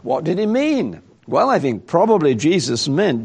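A man's voice: fairly high pitch, very animated, moderate pace, darkish tone, breathy edge. A man preaching a sermon in a reflective way, thinking aloud and asking rhetorical questions.

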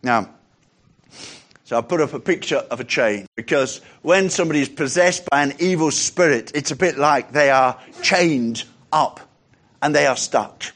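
Conversational preacher man, fairly high voice. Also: moderate pace. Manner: conversational, drops to soft voice for quoted lines, rises when reading. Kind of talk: sermon with scripture reading.

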